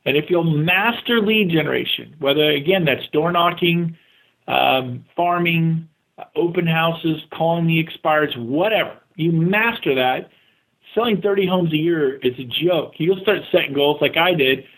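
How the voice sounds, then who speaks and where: A man talking as a guest in an interview, energetic and motivational, speaking in quick bursts and acting out the voices of the people he quotes. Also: on the high side, rough recording. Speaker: real estate agent and guest. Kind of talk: casual interview talk.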